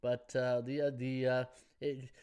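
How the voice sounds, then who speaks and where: A man's voice: mid-range voice, little pitch movement, unhurried, mellow, clean tone, lo-fi sound. A middle-aged man hosting a sports betting live stream, chatting casually and rambling through viewer comments. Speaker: sports betting podcast host.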